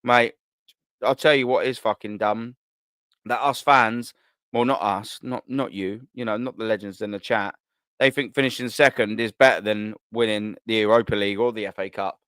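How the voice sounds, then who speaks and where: A London man in his thirties hosts a live stream, reading comments and bantering with viewers in a laid-back, slang-heavy way, laughing easily. His voice sits on the low side with fairly even intonation and a fairly bright, clean tone at normal speed. The recording has no room sound.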